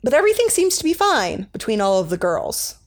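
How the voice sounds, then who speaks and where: A woman's voice: a little high, wildly swooping pitch, a little fast. Chatty young woman recapping a show. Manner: chatty, rambling, many fillers. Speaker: podcast co-host. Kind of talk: casual recap chat.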